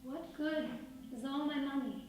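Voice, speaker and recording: A woman's voice: high voice, measured pace. A woman storyteller voicing a distraught older man who grieves for his missing daughter. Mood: grieving. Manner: distraught, tearful. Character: grieving wealthy older male father-in-law. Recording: echoey room from far off, music behind.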